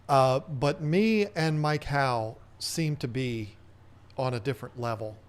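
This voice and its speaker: A man's voice: medium pitch, takes it slowly, a little hiss or hum. A man hosting a casual livestream Q&A, chatting in a rambling way and reading viewer comments aloud. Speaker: host.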